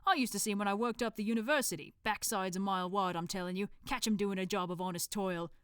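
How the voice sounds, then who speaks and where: A woman's voice: mid-range voice, fast, fairly bright tone, clean tone, no echo, studio quality, close to an everyday voice. A woman reading a storybook, voicing a shady male Cockney thief who grumbles in slang. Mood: resentful. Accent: Cockney put-on.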